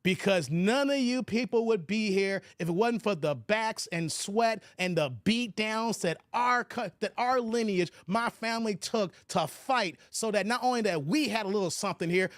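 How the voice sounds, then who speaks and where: A man from the United States, hosting a casual live stream and talking straight to his chat, with animated bursts and laughter. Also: high-pitched, moderate pace, few pauses, dry recording, clean studio sound.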